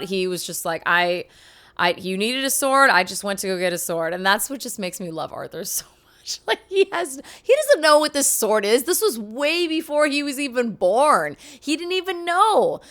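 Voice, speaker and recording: A woman casually retelling a film's plot as a reviewer, chatty and enthusiastic, tossing in quick character quotes. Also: medium pitch, sharp tone. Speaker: movie reviewer.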